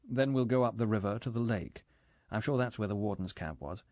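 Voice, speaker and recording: A male narrator voicing a cool, decisive British agent who plans in brisk, clipped sentences. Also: on the low side, expressive, darkish tone, no echo, close to an everyday voice.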